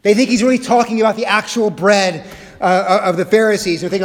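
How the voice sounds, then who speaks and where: A middle-aged male pastor delivers a sermon with a voice a little higher than most men's. He moves between quiet, slow reflection and quick, animated storytelling, acting out quotes with humor. The sound rings around a roomy church sanctuary with a long reverb tail. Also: slight background noise. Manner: expressive, shifts pace and loudness, acts out quotes with humor.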